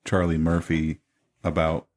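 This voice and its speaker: A man playing a tabletop horror game, measured and asking careful questions, over an online call. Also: extremely low pitch, monotone, darkish tone. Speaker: player.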